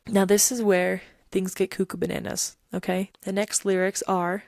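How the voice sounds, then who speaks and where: A woman's voice: medium pitch, level tone, moderate pace, gravelly, hardly any pauses, a little mellow, no echo, studio quality. A young woman hosting a podcast, giving emphatic, casual commentary and pressing her points with rhetorical questions. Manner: emphatic, rhetorical, keeps asking "right?" and "okay?". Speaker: podcast host. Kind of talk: casual commentary on song lyrics.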